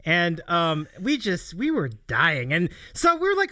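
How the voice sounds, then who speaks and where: A man's voice: sits high, very animated, a little slow, hardly any pauses, bright, forceful tone. A man hosting a casual livestream talk show, telling a story in a rambling way and laughing often. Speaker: host.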